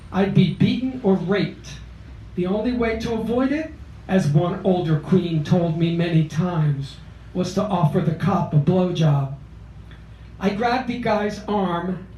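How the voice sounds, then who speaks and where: Slow, high-voiced older poet from Philadelphia. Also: male voice, dark tone, dull audio, slight background noise. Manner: measured, deliberate storytelling. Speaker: open mic poet. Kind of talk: poetry reading of a memoir piece. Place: cafe open mic. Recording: roomy, distant cafe mic.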